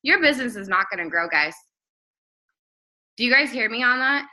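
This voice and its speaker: Blunt, bright-voiced young woman. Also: a little high, lively intonation, poor audio. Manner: blunt, fast-talking and emphatic, repeating phrases. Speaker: network marketing trainer. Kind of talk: live training talk to viewers.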